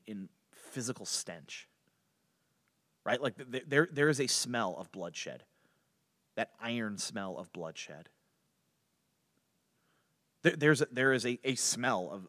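A man's voice: medium pitch, fairly bright tone. A man teaching an informal Bible study with frequent restarts and chuckles between points. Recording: long hall reverb.

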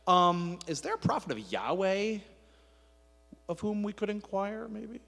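A goofy, gullible ancient king with a hesitant way of talking, put on by a preacher. The voice is high and bright. The sound rings with a long hall reverb. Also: big pitch swings, a little slow, creaky, full character voice. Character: dopey, easily led ancient male king.

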